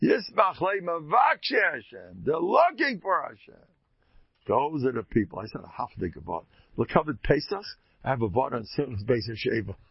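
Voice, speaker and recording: A man's voice: medium pitch, vocal fry, breathy edge, no room sound. A man giving an emphatic Torah sermon as a rabbi, retelling stories and repeating key lines for weight. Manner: emphatic, repetitive storytelling. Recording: dull lo-fi recording.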